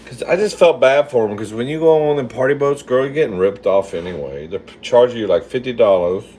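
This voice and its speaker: The host's mid-range voice is a little fast and a little mellow, with some hiss or hum in the recording. He's cooking in his home kitchen on a casual livestream, tossing sassy, foul-mouthed answers to comments and calling everybody "girl."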